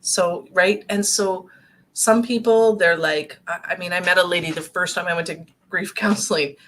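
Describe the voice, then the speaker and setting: A woman speaking gently and earnestly about grief from her own experience, in a conversational talk. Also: fairly low pitch, steady tone, normal speed, slight background noise. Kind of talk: conversational talk show discussion.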